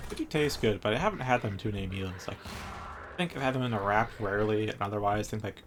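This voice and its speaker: A man's voice: on the low side, fast. A man streaming a shooter game, thinking aloud in casual, offhand commentary. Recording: game audio and gunfire behind the voice. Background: game gunfire and noise.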